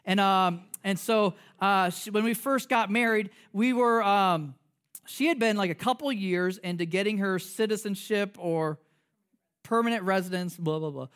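Lively, joking man preaching a sermon. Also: sits high, moderate pace, clear, resonant tone. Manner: animated, joking, rhetorical questions; frequent fillers and restarts. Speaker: pastor. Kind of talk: conversational sermon.

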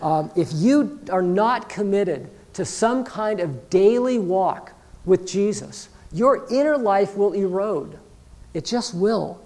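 A man's voice: sits high, warm tone. A man preaching a sermon as pastor, earnest and conversational, acting out the voices of imagined believers. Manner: earnest, conversational preaching with frequent "you know".

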